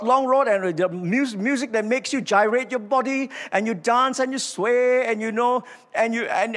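An older man with a Malaysian English accent preaching a sermon, acting out dialogue and calling on the congregation to respond. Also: very high voice. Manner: animated storytelling, acts out dialogue, asks congregation to respond. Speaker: pastor. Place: large church auditorium. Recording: reverberant church hall.

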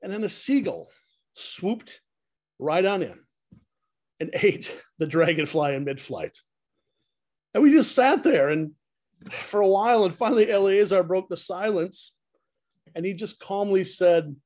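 Pastor giving a heartfelt tribute. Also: male voice, high voice, animated, a little slow, pauses often, darkish tone. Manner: storytelling, heartfelt and humorous. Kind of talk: retirement tribute speech.

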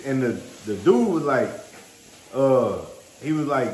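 A man's voice: medium pitch, big pitch swings, fairly quick, roomy sound, slight background noise. A man hosting a vlog, telling a story casually and animatedly in slangy speech. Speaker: vlog host.

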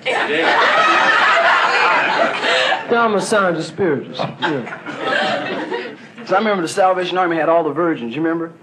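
A man's voice: fairly high pitch, lively intonation, normal speed, pauses often, over a noisy crowd. A man doing a loose, profane stand-up routine in a conversational way. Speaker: stand-up comedian. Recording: loud noisy live stage recording.

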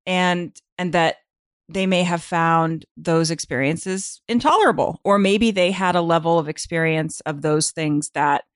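A woman with a somewhat low voice hosts a podcast conversation. She listens with many short replies and thinks aloud as she builds her questions. The recording is close and dry. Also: unhurried, no echo. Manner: warm listener, frequent backchannels and laughter. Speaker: podcast host. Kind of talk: casual interview.

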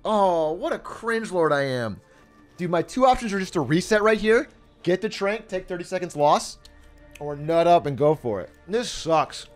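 A man's voice: high voice, animated, a little slow, faint music behind. A young man livestreaming a video game speedrun, talking casually, laughing often, swearing, and bursting out in frustration. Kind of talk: live gameplay commentary.

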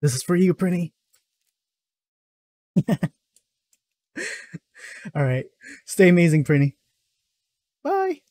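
A man giving a loud, playful birthday shout-out. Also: sits high, huge pitch swings, takes it slowly, pauses often, dry recording, studio quality.

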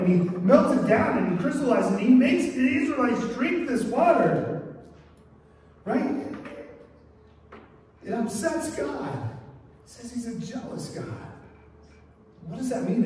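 High-voiced pastor preaching in an echoey hall. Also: male voice, dark tone. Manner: conversational, frequent "right?" asides. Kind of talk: sermon. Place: church sanctuary. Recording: echoey church hall from far off.

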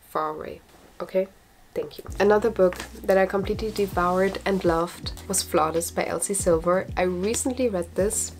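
A woman's voice: fairly low pitch, darkish tone. A woman chatting enthusiastically as she reviews the books she has read. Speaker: book vlogger. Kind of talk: casual book review.

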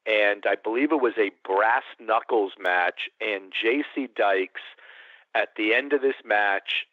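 A man's voice: fairly low pitch, no room sound. A man hosting a wrestling podcast, setting up detailed questions for his guest. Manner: detailed, well-prepared setup of questions. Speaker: podcast host. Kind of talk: interview questions. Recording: dry, tinny phone-like line.

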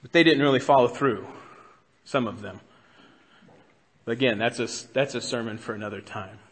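A man's voice: medium pitch, moderate pace, big-room sound. A man preaching a sermon as pastor, in a conversational way that keeps putting questions to the congregation. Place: church sanctuary.

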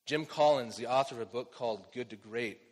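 A man's voice: medium pitch, a little fast, long reverb tail. A man preaching a sermon as pastor, in a conversational way, often asking rhetorical questions and checking in with "okay?" and "right?". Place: church.

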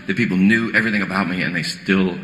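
Male stand-up comic, quick, rambling, self-deprecating, live in an echoey hall. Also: low voice, steady tone. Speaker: stand-up comedian. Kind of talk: stand-up comedy. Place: live venue stage. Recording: echoey hall with loud ambience.

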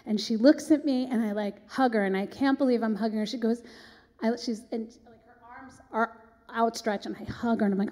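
A chatty woman spins an animated backstage story, breathless and quick to slip into other people's voices. Her voice sits fairly high. A long reverb trails after her words in a big hall. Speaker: guest performer. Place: synagogue hall.

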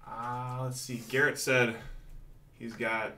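A man hosting a live card-breaking stream, calling out each pull with hyped excitement. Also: mid-range voice, takes it slowly. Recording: roomy echo from mic distance, faint noise.

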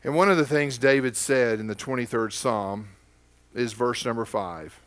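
A man's voice: medium pitch, moderate pace. A man with an Oklahoma accent preaching a sermon as pastor, telling stories in a folksy, conversational way.

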